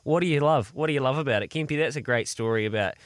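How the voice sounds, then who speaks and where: A man's voice: mid-range voice, fast talker, dry recording. A New Zealand man hosting a sports talk radio show, easygoing, calling for listeners to phone in. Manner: easygoing, asks short questions.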